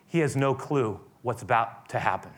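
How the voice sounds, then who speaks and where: A man preaching a sermon, retelling a scripture story dramatically, shifting from loud to hushed. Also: medium pitch, expressive, moderate pace.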